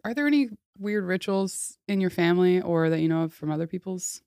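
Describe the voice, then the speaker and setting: A woman's voice: fairly low pitch, fairly quick, mellow, no echo, clean studio sound. A young adult woman co-hosting a podcast, chatting casually and telling stories with lots of giggling. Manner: giggly storyteller, shrieks when acting out family members. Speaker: podcast co-host. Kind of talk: casual chat.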